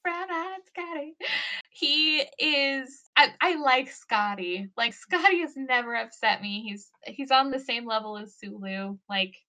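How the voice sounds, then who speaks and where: Casting: giggly woman podcast co-host, high pitch, animated retellings. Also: measured pace, hardly any pauses. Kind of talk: casual chat recapping a show.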